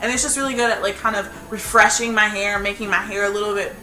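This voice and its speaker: A woman vlogger talks through her hair products in a loose, rambling, chatty way. Her voice is bright and forward. The room gives her voice an echo. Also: mid-range voice, steady tone, fast talker. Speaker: beauty vlogger. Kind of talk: casual hair-care vlog. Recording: roomy echo, faint background music.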